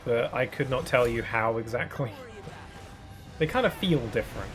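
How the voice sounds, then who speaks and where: A man's voice: medium pitch, expressive, normal speed, over music. A man with a British accent, a gaming streamer, musing casually with rambling fillers while he plays.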